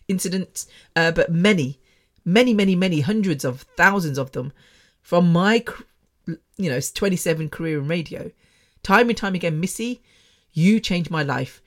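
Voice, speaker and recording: A woman's voice: fairly low pitch, expressive, moderate pace, a bit bright. A middle-aged woman hosting her own podcast from her bedroom, talking frankly and emotionally, often laughing and restarting her sentences. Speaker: podcast host. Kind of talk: candid personal podcast monologue. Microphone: microphone.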